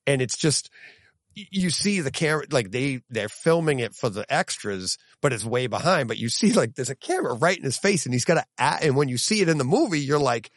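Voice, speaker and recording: Gravelly man telling a lively story. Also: mid-range voice, a little fast, dry recording, clean studio sound. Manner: animated storytelling with laughs and restarts. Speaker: podcast co-host. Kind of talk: casual chat.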